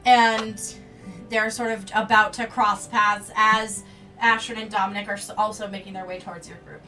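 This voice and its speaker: A woman's voice: mid-range voice, flat delivery, normal speed, bright, forceful tone, soft background music. A woman narrating a tabletop game as game master, hesitant and full of ums. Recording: distant mic.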